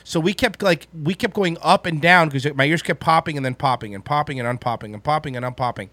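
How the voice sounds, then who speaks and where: A man telling a story in casual chat, animated and profane, with lots of restarts. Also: a little high, quick pace, dry recording.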